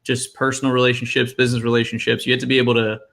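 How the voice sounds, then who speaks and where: Flat-voiced young man hosting a podcast. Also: medium pitch, very fast, gravelly. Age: 20s. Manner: reflective, sums up the guest's points. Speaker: podcast host. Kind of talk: podcast interview.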